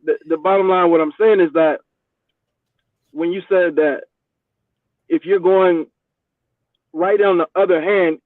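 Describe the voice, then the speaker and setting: Halting man over a tinny line. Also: high voice, fairly even intonation, dry recording. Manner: halting, restarts often. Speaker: panelist. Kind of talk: casual discussion.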